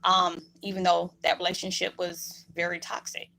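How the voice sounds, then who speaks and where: A woman's voice: fairly low pitch, monotone, normal speed, gravelly, pushed and bright, rough recording. A woman vlogger talking to her viewers in a rambling, heartfelt way, emotional and holding back tears. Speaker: spiritual vlogger. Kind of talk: heartfelt casual monologue to viewers.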